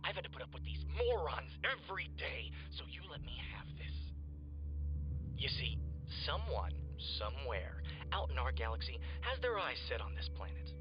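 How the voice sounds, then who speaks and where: A man's voice: mid-range voice, sing-song, moderate pace, close to an everyday voice. An actor playing a smug, treacherous male mercenary villain who gloats and sneers in a web series. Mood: gloating. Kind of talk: animated web series voice acting. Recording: muffled show audio with loud music.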